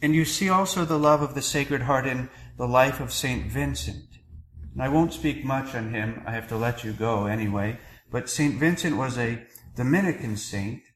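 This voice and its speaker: A man preaching a sermon as a priest, earnest and measured, pausing between phrases. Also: mid-range voice, fairly bright tone, reverberant, rough recording. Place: church.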